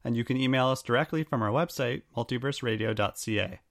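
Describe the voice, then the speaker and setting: A podcast co-host with a bright tone and a dry, teasing delivery. Casual banter, reading out a list of puns. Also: medium pitch, fast.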